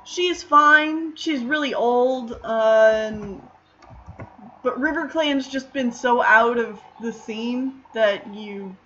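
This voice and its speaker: Woman rambling on a drawing stream, kinda high voice, dull lo-fi mic with a little hiss. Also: takes it slowly, a bit bright. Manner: chatty, rambling with many fillers. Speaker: streamer answering chat. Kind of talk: casual chat while drawing.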